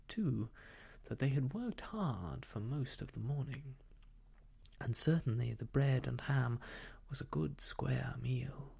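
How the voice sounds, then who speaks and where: A storyteller reading an old children's book aloud softly as a whispered role-play for sleep. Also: medium pitch, creaky, breathy edge. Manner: soft, slow bedtime reading.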